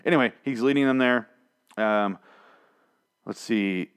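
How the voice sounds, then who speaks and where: A man's voice: mid-range voice, unhurried, clear, resonant tone. A man hosting a podcast, giving a rambling, sarcastic recap of a TV episode with lots of swearing. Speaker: podcast host reviewing a TV episode. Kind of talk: casual spoken recap.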